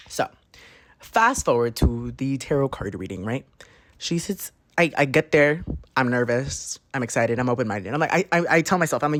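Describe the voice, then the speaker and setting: Brief: young male podcast host, casual gossip storyteller, mid-pitched, dry close mic. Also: brisk, no echo. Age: young adult. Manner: animated, slangy, swears, mimics others in high voice.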